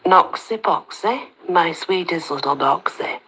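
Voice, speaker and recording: A woman's voice: fairly low pitch, expressive, unhurried, sharp tone, husky, full character voice, poor audio. A woman voicing an unhinged grown man locked in a cage, with a nasal, singsong, rhyming way of talking.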